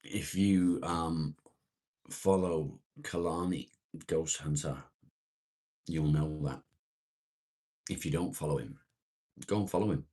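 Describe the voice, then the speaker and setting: A man hosting a casual morning live chat, greeting viewers by name and answering their comments in an unhurried, rambling way. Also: extremely low pitch, warm tone. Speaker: live-stream host reading viewer comments.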